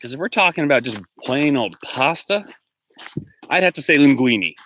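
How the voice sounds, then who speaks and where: Bright-voiced chatty man rambling on a woodland walk. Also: mid-range voice, lively intonation, moderate pace, a little hiss or hum. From Pennsylvania. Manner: rambling, chatty, reads out viewer comments. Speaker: teacher and vlogger. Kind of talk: live-stream walking vlog. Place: outdoors, walking in the woods.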